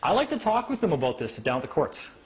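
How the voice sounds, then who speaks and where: A man giving an informal talk to a small group, animated, acting out the people he quotes and often asking "right?". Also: on the high side, fast talker, a little hiss or hum. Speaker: speaker at a meeting.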